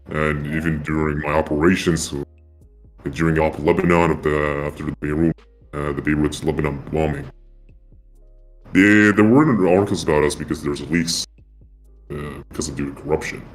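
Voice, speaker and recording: A man's voice run through a voice changer, pushed very deep. He rambles casually over an online voice chat and circles back to repeat himself. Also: steady tone, normal speed, faint music behind. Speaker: caller in a live voice chat. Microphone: online voice chat mic.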